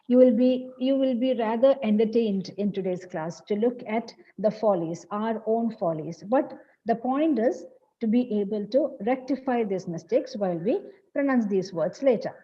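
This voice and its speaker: A woman's voice: fairly high pitch, expressive, normal speed, mellow, highs cut off. A woman with a Kerala English accent, a native Malayalam speaker, teaching an online English class, explaining and rephrasing each point. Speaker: college English lecturer.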